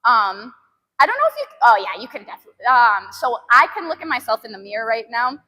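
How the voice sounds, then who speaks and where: Bright-voiced young woman chatting with viewers. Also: fairly high pitch, sing-song, fast talker, big-room sound. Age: 20s. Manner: chatty, laughs often, groans at sore muscles. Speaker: fitness streamer. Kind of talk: casual chat with live viewers. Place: gym.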